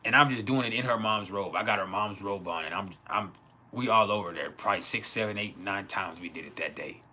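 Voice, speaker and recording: Bright-voiced man telling crude stories. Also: lowish voice, brisk. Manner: crude, laughing often, acts out quoted voices. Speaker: live stream host. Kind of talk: casual storytelling. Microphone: home livestream mic.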